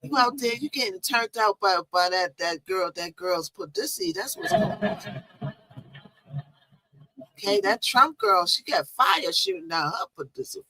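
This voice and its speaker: A woman chatting through a live gossip stream, teasing and repeating herself as she goes. Her voice sits in a middle range but shoots up loud and high when she gets worked up. The sound is dry and close. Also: big pitch swings, measured pace, no echo, low-quality recording. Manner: teasing, loud sudden jumps in pitch; chatty, repetitive. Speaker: live-stream show host.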